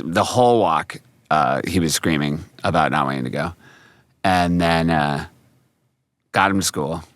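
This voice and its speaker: A man in his thirties, co-hosting a podcast in casual chat and telling lively stories about his kids. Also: sits low, no echo, clean studio sound. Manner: animated storyteller, mimics his kids. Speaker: podcast co-host.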